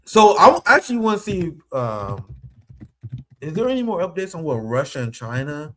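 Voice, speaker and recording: A man's voice: on the high side, big pitch swings, moderate pace, fairly bright tone, a little hiss or hum. A man from the American Midwest giving emotional, exasperated live political commentary on his stream, swearing casually and near tears.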